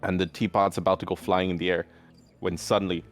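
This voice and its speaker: A man's voice: low voice, flat delivery, fast talker, soft background music. A man narrating a tabletop game as game master in a rambling way, with many fillers.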